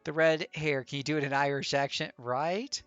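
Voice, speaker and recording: A man's voice: fairly high pitch, fairly even intonation, normal speed, fairly bright tone, clear, resonant tone, dry recording, highs cut off, faint music behind. A man streaming a game live, chatting and joking in a rambling way with many restarts. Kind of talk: live gameplay commentary.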